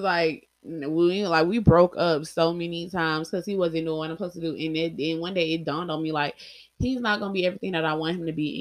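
A woman's voice: low voice, no echo. Young woman, candid vlog storytelling, blunt and profane, dry close sound. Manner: blunt, heavily profane, acts out quotes. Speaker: vlogger.

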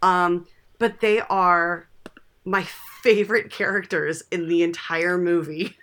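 Woman co-host, bright voice, giggly and rambling, casual film chat. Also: on the low side, steady tone, slow. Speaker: podcast co-host.

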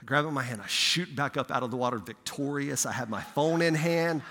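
A man preaching as a pastor, telling a lively personal story in a sermon, growing loud and excited. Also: medium pitch, fairly quick, big-room sound, slight background noise. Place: church sanctuary.

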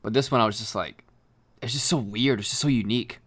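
A man's voice: mid-range voice, fast, a bit bright, slightly rough. A young man, the podcast co-host, chatting casually, full of fillers and restarts and swearing often. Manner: rambling, profane, frequent fillers and restarts. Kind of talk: casual chat.

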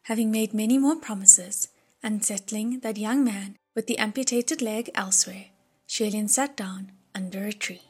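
A woman narrating an audiobook chapter in a hushed, breathy reading voice. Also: medium pitch, moderate pace.

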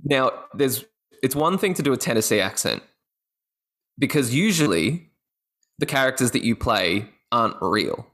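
A man with an Australian accent, a guest actor telling stories in a casual interview, lively and often laughing. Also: mid-range voice, normal speed, pauses often. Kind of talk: casual podcast interview chat.

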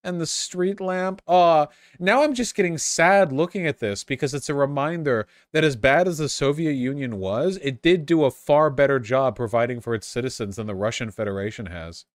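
A man streaming live, chatting casually and excitably with his viewers, swearing freely. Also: mid-range voice, normal speed, hardly any pauses, dry recording, clean studio sound.

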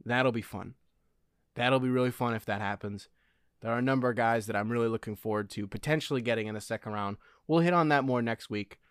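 A man co-hosting a podcast in casual sports chat, animated, with quick asides. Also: mid-range voice, clear, resonant tone, no room sound, clean studio sound. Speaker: podcast co-host.

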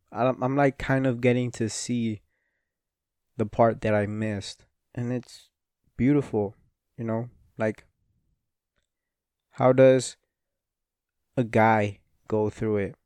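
A man's voice: mid-range voice, a little mellow, clear, resonant tone, no room sound, studio quality. A man hosting a casual solo podcast, rambling with lots of fillers, restarts and swearing, a little sniffly. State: sniffly and yawning. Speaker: podcast host.

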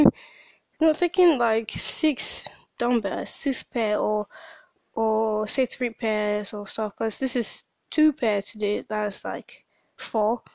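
Woman podcast host, upset after crying, venting in a fairly high voice with broken sentences, dry close mic. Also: darkish tone, no room sound. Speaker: podcast host and small business owner. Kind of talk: personal diary podcast monologue.

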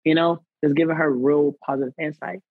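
A man's voice: on the high side, a little fast, dry recording, phone-quality sound. A man guest on a podcast telling a personal story in casual slang, acting out what others said. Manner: animated, acts out quoted people; conversational American slang.

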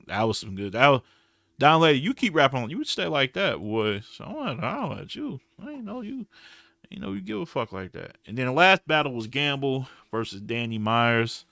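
A man's voice: mid-range voice, moderate pace, gravelly, no room sound, clean studio sound. Slangy blunt man recapping battles. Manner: animated, slangy and blunt, with frequent restarts. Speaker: podcast host. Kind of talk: casual recap commentary.

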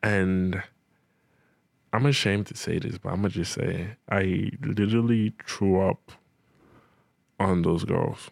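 Young male storyteller, low-voiced, slangy and animated, dry close sound. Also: slow pace, vocal fry, long pauses, no echo. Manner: animated, slangy, acts out his own reactions. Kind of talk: casual comic anecdote.

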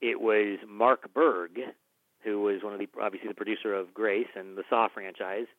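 A man, a film director who is a guest on the show, telling stories in conversation, animated and acting out the people he quotes, with many restarts. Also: fairly low pitch, moderate pace, no echo. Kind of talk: conversational storytelling. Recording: dry, phone-like narrow band.

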